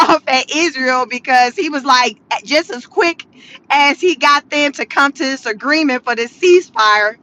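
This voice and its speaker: A woman's voice: high-pitched, bright, forceful tone, rough recording. A woman giving casual, slangy commentary from her car, with laughing asides. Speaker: vlogger.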